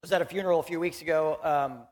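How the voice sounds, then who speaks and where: A man's voice: fairly high pitch, very fast, darkish tone. A young man from Houston, Texas, giving a conversational, joking sermon as a pastor in a church and talking directly to the congregation.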